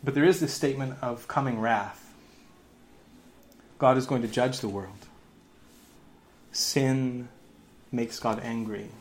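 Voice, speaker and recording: A man in his thirties, a pastor giving a lively sermon, laughing often and dropping into sarcasm. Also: mid-range voice, slow pace, pauses often.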